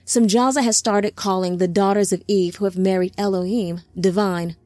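Woman reading remorseful male angelic being, solemn, formal, gentle, mid-pitched. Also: steady tone, no room sound, natural voice. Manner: formal, measured.

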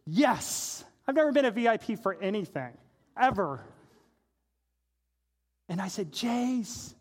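Animated male preacher, 40s, higher voice, playful storyteller. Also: slow pace, pauses often, husky. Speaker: pastor. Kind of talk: sermon with personal storytelling.

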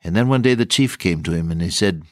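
A man preaching a sermon earnestly and emphatically, slowing down to stress key words and quoting old-fashioned scripture phrasing. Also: low voice, lively intonation, dry recording, clean studio sound.

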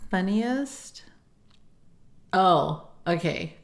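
Casting: woman podcast co-host, lively storyteller, laughs often, squeaky quoted voices. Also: very slow. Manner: animated, laughing, acts out quotes in high squeals. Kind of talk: casual storytelling chat.

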